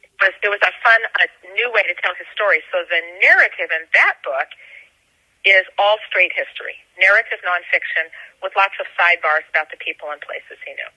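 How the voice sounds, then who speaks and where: A woman's voice: lowish voice, fairly quick, bright, forceful tone, no room sound, rough recording. A woman author from Georgia, telling stories in a casual interview. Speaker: author and guest.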